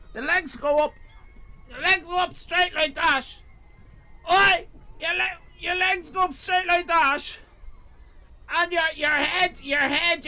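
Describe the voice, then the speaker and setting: An Irish man livestreaming, shouting and swearing in a comic rant. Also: very high-pitched, creaky, slight background noise. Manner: loud, profane ranting and shouting; comic exasperation. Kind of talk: live stream chat.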